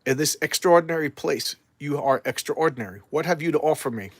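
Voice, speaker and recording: A man's voice: a little high, brisk, dry recording. A man voicing a vast imperious cosmic darkness. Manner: solemn, stately reading.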